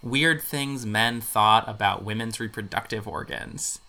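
A man hosting a podcast, telling history in casual chat with dry, deadpan jokes. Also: on the low side, unhurried, gravelly. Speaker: podcast host presenting history.

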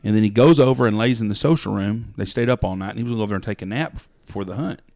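A man's voice: fairly low pitch, racing, gravelly, darkish tone. A middle-aged man, a hunting outfitter telling blunt, folksy stories about clients on a podcast. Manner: folksy, blunt storyteller acting out clients' lines. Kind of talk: casual storytelling chat.

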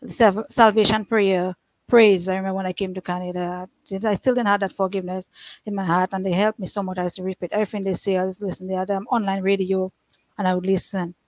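A woman's voice: mid-range voice, flat delivery, fast, darkish tone, no room sound, low-quality recording. Earnest woman recounting a hard past. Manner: earnest, rambling, with frequent restarts and nonstandard grammar. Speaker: guest sharing her life story. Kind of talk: emotional personal testimony.

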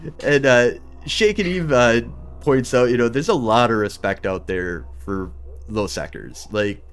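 A man hosting a gaming talk stream, chatting casually and excitably, swearing and acting out his own reactions with laughter. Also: medium pitch, measured pace. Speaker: host of a livestreamed gaming talk show reading chat. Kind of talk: casual chat.

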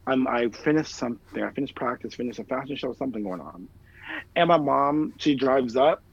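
A man's voice: medium pitch, fairly quick, gravelly, slightly rough. A man in casual chat, telling stories in a rambling way, heavy on fillers and swearing. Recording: dull lo-fi sound, dry room.

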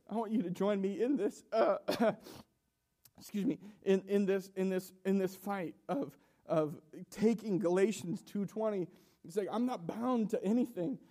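A young man preaching an emotional sermon in a church, halting and repeating himself with nervous laughs. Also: high-pitched, dark tone. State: emotional, coughing.

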